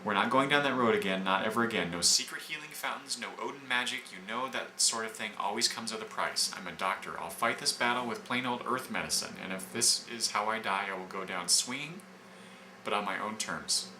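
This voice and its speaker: Brief: frank, no-nonsense woman doctor, as a man puts her on, lowish voice, noisy recording. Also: fairly quick, close to an everyday voice. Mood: firm. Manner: blunt and matter-of-fact. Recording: echoey room with background noise.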